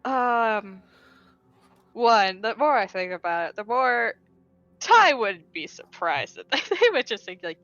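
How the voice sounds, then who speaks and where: A woman's voice: mid-range voice, lively intonation, slow pace, a bit bright, no echo. A woman plays a tabletop game, thinking aloud and laughing often. She swears casually and lightly. The sound is a bit dull and dry, with faint music behind. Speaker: player. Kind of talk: casual tabletop game play over voice chat.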